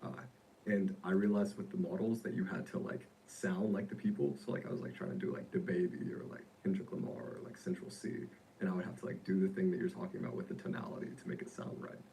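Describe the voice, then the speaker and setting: Deep gravelly interviewer, rapid delivery, mellow tone, light room hum. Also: male voice, level tone, rough recording. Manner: quick, curious questioning, casual slang. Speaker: podcast interviewer. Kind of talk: casual podcast interview.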